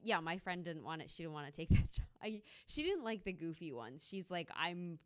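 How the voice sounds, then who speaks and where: A low-pitched woman with a smooth, resonant voice chats casually as a podcast co-host. She rambles through stories and laughs often. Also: animated, a little fast. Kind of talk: casual chat. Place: live show in a loft venue.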